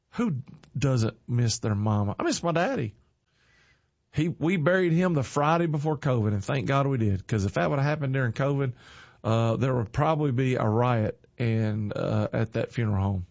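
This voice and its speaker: A man's voice: medium pitch, a little mellow, no echo, lo-fi sound. A middle-aged man hosting a casual chat, laughing at his own corny jokes and speaking in an earnest, folksy way. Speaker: online show host.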